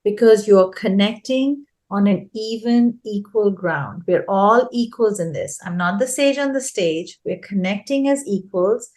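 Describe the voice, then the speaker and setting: A woman's voice: mid-range voice, a little slow, hardly any pauses, a little mellow. A woman guest in an interview, an early childhood education consultant explaining her advice earnestly and repeating key phrases for emphasis.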